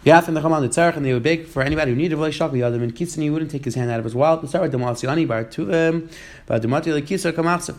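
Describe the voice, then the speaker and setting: A man giving a Talmud class in a quick, steady flow, mixing Hebrew and Aramaic quotes with English explanations. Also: a little high. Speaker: Talmud teacher. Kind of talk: Gemara study class.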